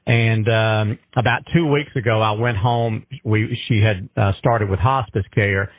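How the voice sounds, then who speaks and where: A man's voice: fairly low pitch, fairly even intonation, unhurried, dry recording. A man speaking earnestly and emphatically in a heartfelt radio conversation, with a folksy way of talking. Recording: dry tinny phone-line radio.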